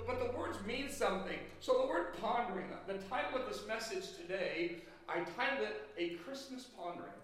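Male pastor, loud voice that carries, chatty asides mid-sermon, big echoey church. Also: sits high, far from the mic. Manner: loud carrying voice, folksy asides. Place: church hall. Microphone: handheld or stand mic.

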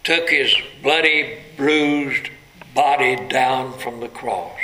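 A man's voice: mid-range voice, sharp tone. A man preaching a sermon, telling the story dramatically and building to emphatic peaks. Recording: echoey room.

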